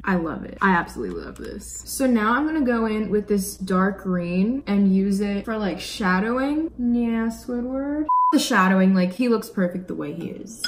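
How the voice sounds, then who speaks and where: A woman's voice: mid-range voice, slight background noise. A young woman chatting casually while she paints, giggling, swearing and breaking into dramatic outbursts. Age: young adult. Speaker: vlogger. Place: apartment room.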